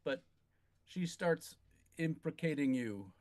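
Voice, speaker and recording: A man's voice: fairly high pitch, lively intonation, darkish tone. A man narrating and running a tabletop game as game master. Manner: descriptive, slow, some restarts.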